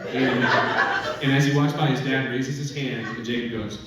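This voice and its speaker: A man, a filmmaker, telling a lively anecdote at a live audience Q&A, often laughing as he talks. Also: medium pitch, normal speed. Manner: lively storyteller, often laughing through his words. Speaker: filmmaker answering audience questions. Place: event hall with an audience. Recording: echoey hall from far off, loud noise.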